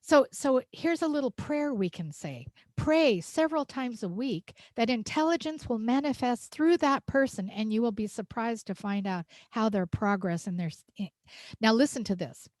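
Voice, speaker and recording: A woman minister preaches with heartfelt emphasis and a fairly high voice. She laughs often as she speaks. The sound is dry, with little room echo. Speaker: senior minister. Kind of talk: sermon. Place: church sanctuary.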